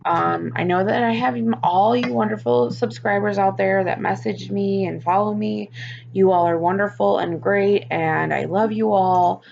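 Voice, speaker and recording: A woman's voice: mid-range voice, steady tone, moderate pace, gravelly, darkish tone, dull audio, slight background noise. A woman talking frankly on her personal vlog, venting about her week and swearing often. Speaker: vlogger.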